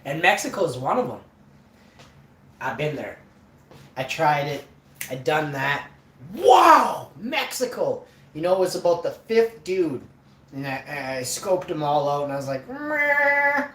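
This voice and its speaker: A man streaming live, rambling and joking, drawing words out and breaking into sudden high yelps. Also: expressive, normal speed. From Canada. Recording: roomy echo.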